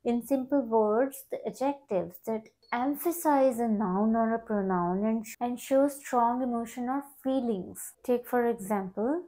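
A woman's voice: a little high, a little slow, hardly any pauses, mellow. A woman teaching an English grammar lesson, explaining step by step and often repeating words.

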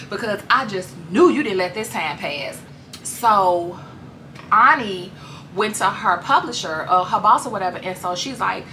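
A woman vlogger recapping a movie in casual, profane, animated slang. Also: medium pitch, a little fast, a little hiss or hum.

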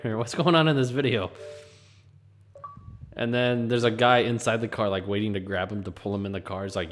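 A man's voice: fairly low pitch, fairly even intonation, normal speed, fairly bright tone, a little hiss or hum. A man hosting a casual gaming chat, joking, laughing and retelling funny stories while he plays. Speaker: gaming channel host.

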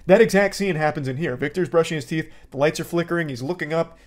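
A man's voice: on the high side, fast. A man hosting a movie review, talking sarcastically and rambling with many fillers. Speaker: host.

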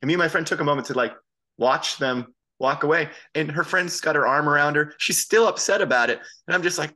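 A man guest in a casual interview, telling animated anecdotes and acting out the voices of people he quotes. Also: a little high, fairly quick. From Boston area. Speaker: band frontman as guest.

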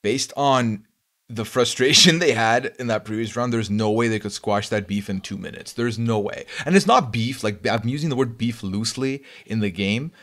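A man with a bright, forceful voice, talking casually with a group of friends while they play a game on a live stream. He comes across animated, and at times he breaks into playful yelling. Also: mid-range voice, moderate pace. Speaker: streamer host. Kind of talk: casual gaming chat with friends.

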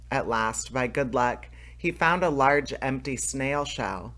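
A man reading a fairy tale aloud as narrator, steady, with small restarts. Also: medium pitch, measured pace, few pauses. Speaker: storyteller, channel host.

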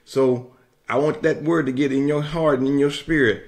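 A man preaching a sermon with an emphatic, repetitive cadence and drawn-out declarations. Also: a little high, steady tone.

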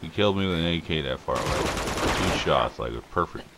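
Man, gameplay commentary, very deep voice, lively pitch, trash talk, just woke up, loud gunfire. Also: brisk, background noise. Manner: swears and trash-talks at other players, laughs often. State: just woken up, throat a bit choked. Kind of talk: casual live game commentary.

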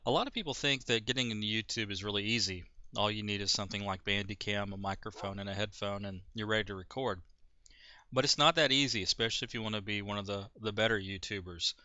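Brief: low, bright man hosting a game vlog, hesitant. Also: fast talker, no echo, dull audio. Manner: hesitant, many ums and restarts. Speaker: beginner YouTuber.

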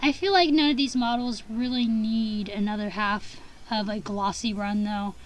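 A woman's voice: medium pitch, fairly even intonation, normal speed, a little hiss or hum, low-quality recording. A young woman in a casual vlog, rambling and gushing about her collection with frequent giggles and restarts. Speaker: collector vlogger.

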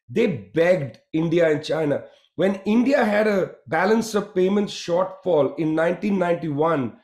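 A man giving a prepared political talk at a meeting, measured and reading from notes with emphatic asides. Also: fairly high pitch, darkish tone, echoey room. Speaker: guest speaker.

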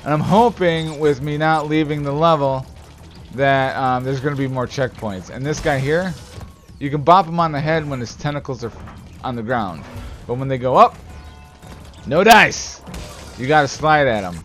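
A man with a mid-range voice talks at a normal speed while casually commenting on his gameplay, like a let's play gamer. He's animated and jokey, swearing and bursting into mock anger, with game music playing behind him.

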